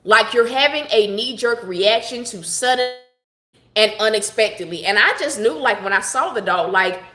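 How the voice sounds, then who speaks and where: A woman's voice: on the high side, animated, normal speed, roomy sound. A middle-aged woman giving a personal devotional talk, telling her story in a conversational, heartfelt and reflective way. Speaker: devotional broadcaster.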